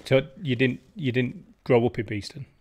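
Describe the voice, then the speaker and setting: Male podcast host, relaxed, inquisitive, casual conversation. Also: mid-range voice, moderate pace, slight background noise. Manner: relaxed, curious, laughs along.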